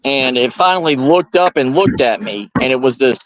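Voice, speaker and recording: A man's voice: mid-range voice, animated, lo-fi sound, slight background noise. Rambling man telling a story. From Georgia, US. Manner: halting, rambling, many restarts and fillers. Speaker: storyteller host. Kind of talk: casual storytelling by a firepit. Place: outdoors by a firepit.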